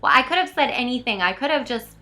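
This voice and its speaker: A young woman telling embarrassing childhood stories in a casual, animated, self-mocking vlog. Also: fairly high pitch, fast, soft background music. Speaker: vlogger.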